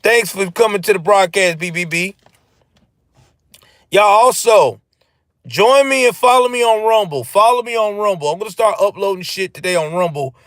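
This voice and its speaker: Brief: high-pitched man ranting on a live stream, profane and animated, dry close sound. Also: moderate pace, no echo. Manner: profane, animated, answers chat. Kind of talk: ranting political commentary.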